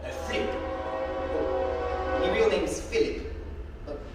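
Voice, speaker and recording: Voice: mid-range voice, takes it slowly, heavy background noise, natural voice. A performer on a theatre stage playing a poor young orphan boy, earnest and eager, speaking politely with little stammers. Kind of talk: stage recital acting. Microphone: distant room mic. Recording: echoey hall from far off.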